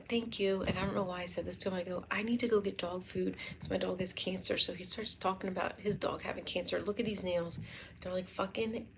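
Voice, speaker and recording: A woman tells a rambling story straight to her camera, swearing freely and slipping into giggles and near-whispers. Her voice sits on the lower side, with a faint hiss behind it. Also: creaky. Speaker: vlogger. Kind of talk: casual storytelling vlog.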